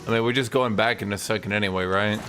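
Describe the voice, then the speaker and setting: A man's voice: on the low side, fairly even intonation, quick pace, over music. A man giving casual gameplay commentary, full of incredulous, mocking asides. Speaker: gaming streamer.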